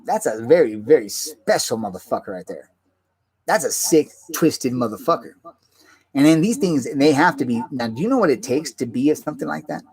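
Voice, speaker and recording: A man's voice: mid-range voice, expressive, a little fast, a little mellow. A man delivering a rambling, agitated monologue, swearing constantly and repeating himself. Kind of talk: rambling profane rant.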